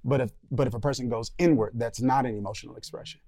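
A man's voice: medium pitch, fast, mellow. A man on a discussion panel, talking thoughtfully and searching for his words. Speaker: panel guest.

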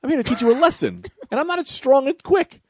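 Fast, animated male comedian. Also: very high voice, dry recording, studio quality. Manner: animated storyteller who acts out quotes. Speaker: comedian co-host. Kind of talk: casual podcast banter.

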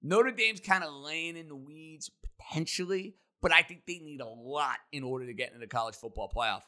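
A man hosting a sports talk show, delivering an opinionated monologue with emphatic, rapid-fire takes. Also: on the high side, sharp tone. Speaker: sports radio host.

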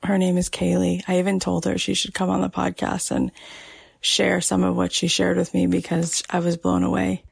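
A middle-aged woman hosting a podcast, sharing a personal story slowly and softly, often half-whispering. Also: lowish voice, monotone, vocal fry, husky, dry recording. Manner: slow, soft, half-whispered and tearful. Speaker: podcast host.

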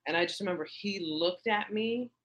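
A woman in her thirties, a comedian guest telling a story in casual chat, animated and acting out quotes in a raised voice. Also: medium pitch, moderate pace, muffled recording.

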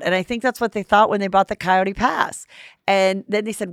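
A woman's voice: mid-range voice, moderate pace, fairly bright tone, no echo, studio quality. A woman hosting a casual gossip recap, chatty and blunt, with lots of fillers and freely swearing. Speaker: host.

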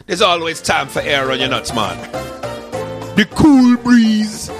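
A laid-back Jamaican pitchman, as a man puts him on, crooning his words slowly in a gravelly voice. The accent is a broad put-on. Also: big pitch swings, over music, exaggerated voice.

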